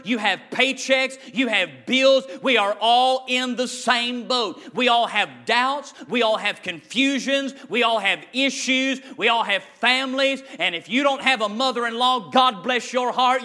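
A man preaches a sermon in a church. His voice is very high and bright, and he drives it with passion, drawing out the key words. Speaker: pastor. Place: church sanctuary with congregation.

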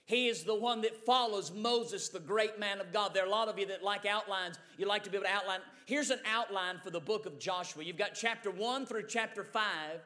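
Male preacher, very high-pitched, rhythmic repetition, fervent Pentecostal delivery in a church sanctuary. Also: a little fast, few pauses, pushed and bright. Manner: building to Pentecostal preaching fervor. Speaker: pastor. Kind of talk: sermon. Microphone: mic run through a sound board.

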